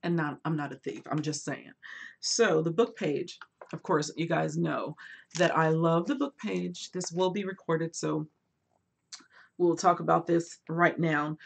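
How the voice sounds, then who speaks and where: Chatty husky-voiced woman hosting a book livestream. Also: sits low, a little slow. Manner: chatty, animated, reads viewer comments aloud; swings between lively bursts and quiet asides. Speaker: booktube host. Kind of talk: casual livestream chat.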